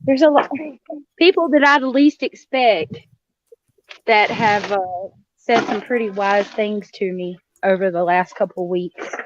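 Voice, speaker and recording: A woman's voice: mid-range voice, background noise. Earnest middle-aged woman. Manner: earnest, halting, with many fillers. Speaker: juror on a panel. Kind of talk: livestream panel talk. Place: in her car. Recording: dull, lo-fi, dry call audio from a car.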